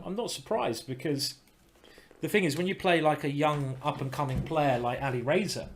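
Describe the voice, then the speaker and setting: A man's voice: fairly high pitch, a little hiss or hum. Chatty man commentating chess. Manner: chatty, thinking aloud with restarts; bursts into excited exclamations at good moves. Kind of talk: live-stream chess commentary.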